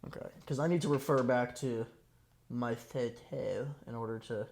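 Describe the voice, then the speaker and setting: Male podcast co-host, mid-pitched, deadpan sarcastic delivery with lots of swearing. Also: normal speed, gravelly. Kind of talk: casual comedic banter. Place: home basement.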